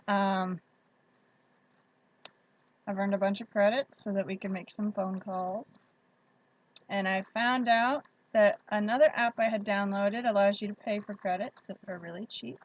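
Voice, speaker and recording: A woman hosts a casual livestream, reading viewer comments and greeting people by name in a friendly way. Her voice is medium-pitched and the sound is lo-fi.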